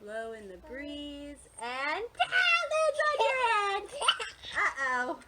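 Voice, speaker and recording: High, sing-song woman leading kids' yoga. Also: very noisy. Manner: sing-song, makes animal sounds. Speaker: family yoga teacher. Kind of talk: playful kids' yoga instruction with songs and a story.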